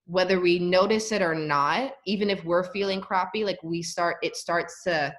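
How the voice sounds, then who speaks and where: Low-voiced young woman, candid and chatty. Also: steady tone, normal speed. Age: young adult. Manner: candid, frequent "like" fillers. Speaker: former college volleyball player, guest. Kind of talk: casual interview talk.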